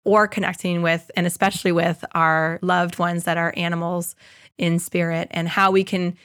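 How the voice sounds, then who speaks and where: A woman's voice: on the low side, little pitch movement, normal speed, a bit bright, dry recording. Earnest woman podcaster, dry sound. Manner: earnest storyteller, acts out quoted voices. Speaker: podcast host. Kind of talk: casual spiritual podcast talk.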